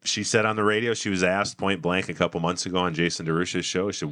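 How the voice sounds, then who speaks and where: A middle-aged American man, a political candidate appearing as a podcast guest, talks earnestly in a casual conversation. His voice sits low and a bit bright, fairly even in intonation, and he speaks fast with few pauses and no echo, rambling with fillers and restarts.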